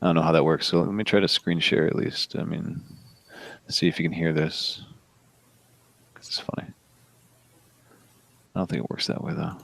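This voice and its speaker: A man's voice: low voice, fairly even intonation, moderate pace, vocal fry, long pauses, no echo. A man hosting a casual online hangout chat over a headset, rambling and mocking with frequent swearing. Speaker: host. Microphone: headset on a video call.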